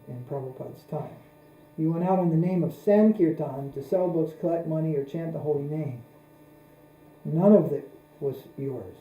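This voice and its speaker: Male spiritual teacher, very dark mellow tone, roomy echo, unhurried delivery. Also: on the high side. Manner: unhurried, repeats phrases for emphasis. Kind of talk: spoken religious discourse.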